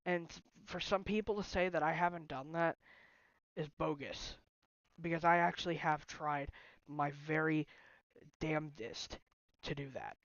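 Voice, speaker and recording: A man's voice: fairly high pitch, moderate pace, fairly bright tone. Brief: young man livestreaming from his phone, hurt and emotional, sighing often; dull lo-fi sound, no room echo. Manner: upset, voice breaking, sighing. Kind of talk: emotional personal talk to viewers.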